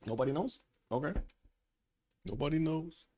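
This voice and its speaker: A man's voice: on the high side, normal speed, a little mellow, slightly rough. A man giving live, chatty commentary on a strategy game match who often stops to ask his viewers questions. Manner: chatty, asks chat questions, frequent filler words. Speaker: esports caster.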